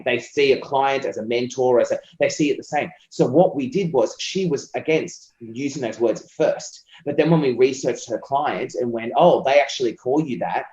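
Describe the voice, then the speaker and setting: A man's voice: medium pitch, dark tone. Passionate, talkative Australian man on a dull roomy line. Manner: passionate, talkative, acts out client quotes. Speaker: copywriter being interviewed. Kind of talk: casual interview conversation.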